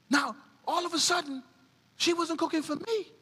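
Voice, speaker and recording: A middle-aged woman preacher giving a sermon, mixing animated preaching with folksy stories about her family. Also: extremely high pitch, moderate pace, long reverb tail.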